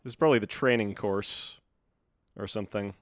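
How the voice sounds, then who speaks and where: A man streaming a video game live, talking to himself and his viewers as he plays. He jokes, thinks aloud and chats casually. His voice sits a little low. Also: brisk, dry recording, studio quality. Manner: chatty, joking, thinks aloud. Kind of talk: live gameplay commentary.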